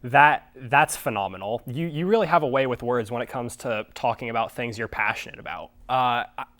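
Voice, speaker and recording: A man's voice: medium pitch, fairly quick, fairly bright tone. A young man hosting a mock talk show, speaking hesitantly with stammers and dry politeness. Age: young adult. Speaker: host.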